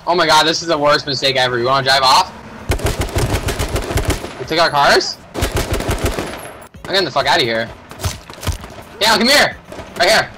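A young man commenting on his own game, excitable and profane, yelling in panic and trash-talking other players. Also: on the high side, moderate pace, long pauses, background noise. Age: young adult. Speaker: gamer streaming a battle royale match. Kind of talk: casual gameplay commentary. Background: background music.

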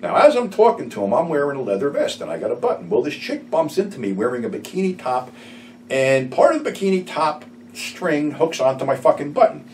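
A middle-aged man spins crude, meandering stories with a lively, swinging voice. He sits a little back from the microphone, and a faint background hiss runs under his casual chat. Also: fairly high pitch, brisk. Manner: profane, rambling storytelling. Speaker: YouTube storyteller. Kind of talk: casual anecdote telling. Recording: slightly distant mic, faint room noise.

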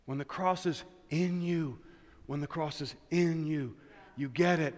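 A man preaching a sermon as pastor, dropping to a hush and then building to shouts, repeating his key phrases. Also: on the high side, measured pace. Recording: long church reverb.

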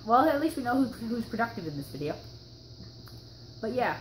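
A woman's voice: fairly high pitch, sing-song, normal speed, a little hiss or hum. A young woman hosting casual gameplay commentary, chatty and rambling with lots of fillers, her throat a little sore. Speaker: gaming channel host. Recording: roomy echo with background music.

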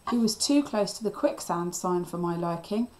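A woman teacher reading a children's novel aloud in a steady, expressive storytelling voice. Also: on the low side, normal speed, rough recording.

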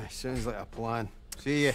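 An actor with a Scottish accent playing a hot-tempered rig electrician in a video game, blunt and sweary. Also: male voice, medium pitch, slow pace.

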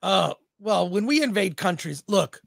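A man's voice: high-pitched, very animated, a little slow, creaky, fairly bright tone, no echo, studio quality. A man co-hosting a film talk livestream, joking and reading viewer comments aloud. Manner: talkative, jokey, reads chat aloud. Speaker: co-host of a film talk show. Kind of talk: casual livestream chat.

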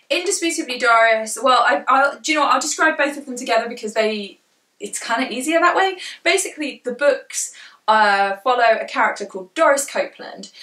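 A woman's voice: a little high, pushed and bright. A young woman with a southern English accent, chatting casually to camera in a rambling way with many fillers. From southern England. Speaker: book vlogger and indie author. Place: indoor room at home, rain outside. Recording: echoey room, distant from mic.

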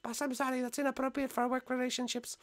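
A woman's voice: sits high, level tone, fast, close to an everyday voice. A woman voicing a nervous young female army guard who protests in a flustered, silly way.

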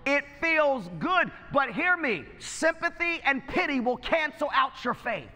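High-voiced bright preacher man. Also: long reverb tail, a little hiss or hum. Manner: exhorting, calls out to the congregation. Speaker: pastor. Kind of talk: sermon. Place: church sanctuary.

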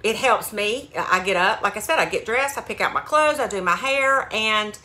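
A woman's voice: medium pitch, expressive, normal speed, bright, forceful tone. A woman selling beauty products, talking casually and upbeat to her phone camera at home. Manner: chatty, upbeat, says "like" often. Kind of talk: casual vlog.

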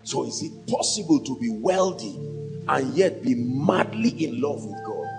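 A man's voice: medium pitch, very animated, normal speed, vocal fry, over music. A man with a Nigerian accent preaching a sermon from a pulpit, emphatic and full of rhetorical questions. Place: at a pulpit before a congregation.

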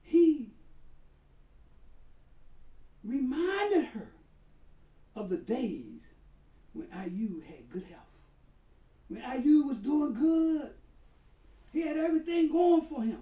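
An imam preaching a storytelling sermon, unhurried and conversational, with sudden emphatic bursts. His voice sits high yet mellow. It comes from a distance through a large reverberant room. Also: big pitch swings. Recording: roomy hall, voice far from mic.

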